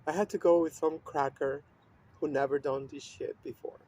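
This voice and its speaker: A man speaking in a loose, rambling monologue with a steady stream of fillers and swearing. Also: fairly high pitch, normal speed. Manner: rambling, profane, with frequent fillers and laughs. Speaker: vlogger. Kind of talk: casual monologue.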